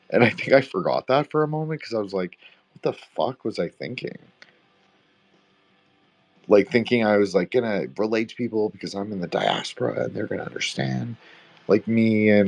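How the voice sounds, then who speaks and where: Low gravelly young canadian guy, podcast host, rambly, swears a lot, tons of likes and uhs. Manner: rambling, profane, many fillers. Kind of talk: casual roundtable chat.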